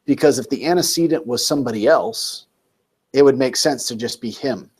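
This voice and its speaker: A man's voice: mid-range voice, a little fast, a little mellow, breathy edge. A man tutoring a student one-on-one, explaining points patiently and with emphasis. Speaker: Greek tutor.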